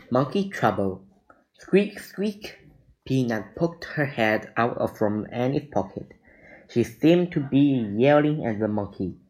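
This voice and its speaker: A man reading a children's adventure book aloud, deliberate with small slips. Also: mid-range voice, poor audio. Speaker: reader.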